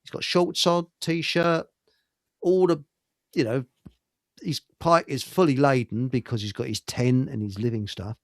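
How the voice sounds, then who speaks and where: A man's voice: medium pitch, unhurried, no echo, studio quality. A middle-aged man hosting a casual talk show, telling rambling stories full of restarts. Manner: rambling anecdotes with frequent restarts. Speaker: host.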